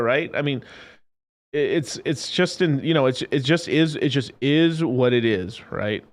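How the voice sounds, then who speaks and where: Man, crypto stream host, loose profane rant, lively swooping pitch, slightly high voice. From Mexican. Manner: profane, emphatic, repeats phrases, mocking mimicry. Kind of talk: unfiltered casual rant.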